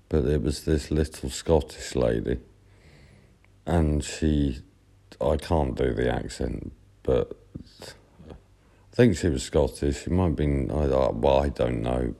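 A man telling a casual, rambling anecdote with many pauses, fillers and restarts. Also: very deep voice, gravelly, warm tone. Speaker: podcast storyteller.

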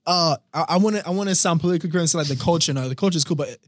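High bouncy guy on a podcast, dry close sound, keeps cracking up. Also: very fast, no echo. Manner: animated, laughs often, squeals high in excitement. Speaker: podcast co-host. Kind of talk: casual chat.

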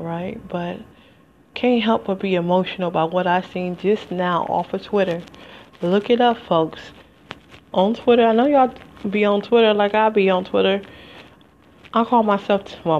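In a heartfelt, rambling solo podcast monologue, an American woman host talks straight to her listeners. Her voice sits fairly low with a darkish tone. The slightly dull lo-fi home recording carries slight background noise.

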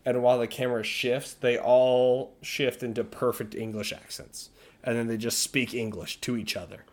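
A man's voice: medium pitch, flat delivery, moderate pace, darkish tone. A man co-hosting a podcast, talking casually with a rambling, enthusiastic delivery full of fillers. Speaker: podcast co-host. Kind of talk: casual chat.

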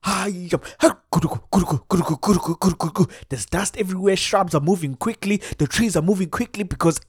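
A man with a South African accent telling a comic story in an animated way, dropping in Xhosa exclamations. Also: high-pitched, fast, husky, dry recording, clean studio sound.

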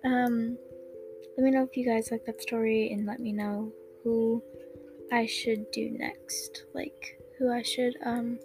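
A woman reading her own fan fiction aloud, halting and stuttering with many fillers, with music playing behind. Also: on the high side, flat delivery. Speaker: storyteller.

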